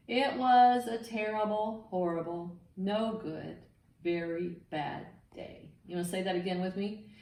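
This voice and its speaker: A woman reading a picture book aloud to children, with an expressive, sing-song delivery that invites the listeners to join in. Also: mid-range voice, unhurried. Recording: echoey room, mic set far off.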